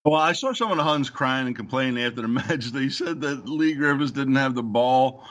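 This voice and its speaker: A man's voice: mid-range voice, normal speed, fairly bright tone. A man co-hosting a casual football podcast, ranting heatedly and swearing a lot. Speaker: podcast co-host.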